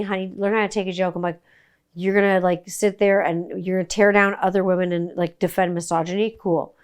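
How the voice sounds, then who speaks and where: Woman, forties, podcast host, profane, sarcastic, smooth clear voice. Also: lowish voice. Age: 40s. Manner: animated, sweary, sarcastic ranting. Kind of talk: casual profane monologue.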